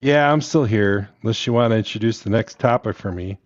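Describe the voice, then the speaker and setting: A man's voice: fairly low pitch, fairly even intonation, unhurried, a little mellow, dry recording, dull audio, natural voice. Man doing a wisecracking tough-guy cop. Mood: defiant. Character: wisecracking tough American cowboy-hero cop.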